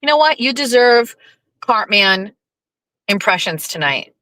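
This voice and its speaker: A woman's voice: medium pitch, lively intonation, unhurried, long pauses, pushed and bright, no echo, rough recording. A woman hosting a livestream in casual, rambling chat, full of fillers and playful swearing. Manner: rambling and chatty, lots of fillers. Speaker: livestream host.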